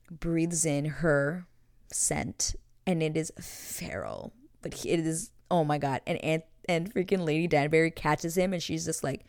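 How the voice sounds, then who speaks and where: A woman's voice: low-pitched, darkish tone, no echo, clean studio sound. A young woman hosting a casual episode recap, chatty and full of "like" and little laughs. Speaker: show host.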